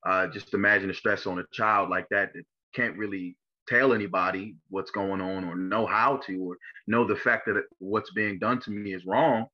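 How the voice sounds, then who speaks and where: A young man from Maryland telling his life story in an interview, halting and full of fillers and restarts. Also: lowish voice, steady tone, dull audio. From Maryland, USA. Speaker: interview guest. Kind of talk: personal testimony interview.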